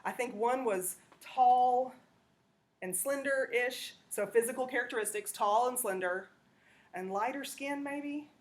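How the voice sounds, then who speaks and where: A woman's voice: a little high, a little slow. A woman lecturing a classroom, talking conversationally and checking in with "okay?". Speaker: teacher.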